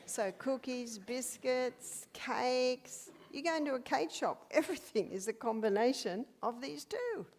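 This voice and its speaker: An older woman lecturing an audience on health. Her voice sits a little high, and she leans hard on rhetorical questions with lively swings in pitch. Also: measured pace, few pauses.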